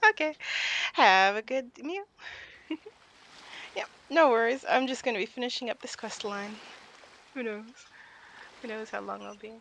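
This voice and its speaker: A woman's voice: fairly high pitch, moderate pace, gravelly, long pauses, a bit bright, slight background noise. A woman streaming a game live, chatting casually with her viewers and laughing often.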